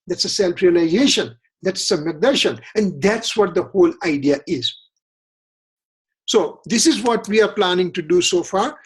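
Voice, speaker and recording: Man, scripture study lecture, husky voice, earnest, repeats himself, rhetorical questions. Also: sits high, animated, moderate pace.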